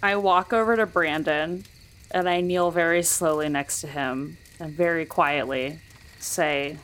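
A woman's voice: low voice, fairly even intonation, measured pace, fairly bright tone, rough recording. A woman player in a tabletop game with a brash, upbeat manner. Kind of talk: casual tabletop play.

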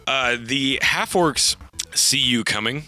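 A man's voice: mid-range voice, slow, sharp tone, faint music behind. A man narrating a tabletop game as game master, loosely, with frequent fillers and laughs.

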